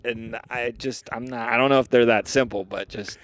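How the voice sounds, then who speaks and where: A man's voice: mid-range voice, fairly even intonation, moderate pace. A man co-hosting a casual comedy podcast, rambling and joking, laughing often as he talks. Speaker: podcast co-host.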